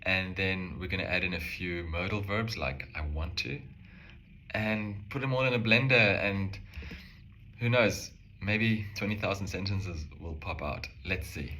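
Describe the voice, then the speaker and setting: A man calmly explaining a language lesson step by step, slowing down to say example phrases. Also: deep voice, a little hiss or hum. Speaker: language teacher.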